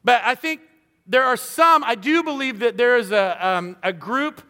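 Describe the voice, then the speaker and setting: A man's voice: extremely high pitch, normal speed, pushed and bright, in a large hall. A man preaching a sermon in an earnest, conversational way, acting out little quoted voices as he goes. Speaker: pastor.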